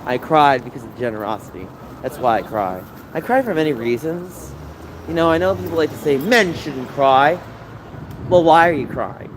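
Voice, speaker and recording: A man's voice: mid-range voice, lively intonation, normal speed. A man in his thirties livestreaming on city streets at night, chatting casually and emotionally with viewers as he reads their comments. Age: 30s. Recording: street noise behind. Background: city traffic noise.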